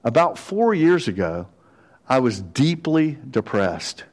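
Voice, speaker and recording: A man's voice: medium pitch, sing-song, slow. A male pastor preaching a sermon in a church, telling stories and building to emphatic exhortation. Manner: storytelling, emphatic and rising to exhortation. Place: church sanctuary.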